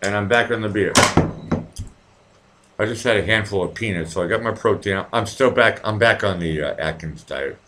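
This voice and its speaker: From his home in Vienna, a middle-aged American man hosts a casual livestream, drinking as he chats with viewers in a profane, rambling way. His voice is lowish and a bit bright, at a normal speed.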